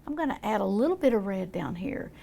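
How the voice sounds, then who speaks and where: A woman's voice: mid-range voice, sing-song, quick pace, creaky, warm tone. An older woman demonstrating a painting, talking in a chatty, folksy way as she thinks aloud. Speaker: art teacher.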